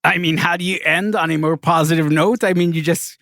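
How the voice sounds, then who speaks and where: A man's voice: a little high, fairly even intonation, a little fast, vocal fry, a bit bright, dry recording. A man hosting a casual podcast, talking in an opinionated, conversational way and laughing often. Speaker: podcast host.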